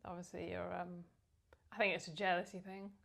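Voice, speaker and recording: A woman's voice: fairly low pitch, flat delivery, fairly quick, gravelly, a bit bright. A woman from South Africa co-hosting a casual podcast chat, talking candidly and frankly. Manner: candid, frank, sometimes trailing off. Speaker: podcast co-host.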